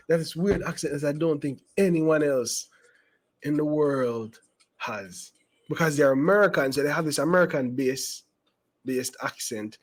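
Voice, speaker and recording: A man's voice: on the high side, a little slow, rough recording. A man giving casual, rambling commentary as a channel host, emphatic and full of asides and restarts.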